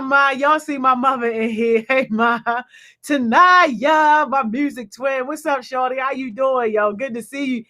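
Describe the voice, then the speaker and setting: A woman hosting a youth program on a video call, giving casual, slangy shout-outs with lots of "yo" and laughter. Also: high-pitched. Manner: energetic, slangy, peppers speech with "yo" and laughter.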